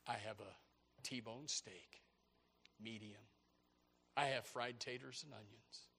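A man voicing the Lord as a calm, kindly host offering a meal. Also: slow pace, gravelly, slightly rough, exaggerated voice. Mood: soothing. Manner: low, soft and soothing.

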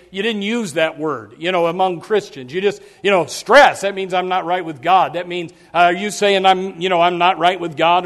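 Very high-voiced folksy man preaching. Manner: folksy, repetitive restarts, acts out quotes. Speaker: pastor. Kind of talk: sermon.

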